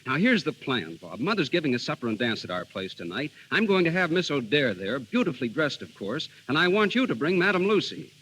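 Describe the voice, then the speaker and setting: An actor playing a charming, smitten young society man in a 1930s radio drama, talking briskly and persuasively. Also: fairly high pitch, very animated, fairly bright tone, a little hiss or hum, low-quality recording. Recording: old radio broadcast with faint music.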